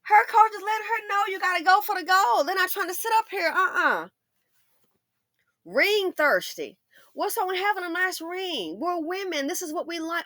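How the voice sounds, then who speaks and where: A woman hosting a casual commentary monologue, animated and sassy, acting out imagined conversations in shifting voices. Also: very high-pitched, normal speed, no echo. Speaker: commentary channel host.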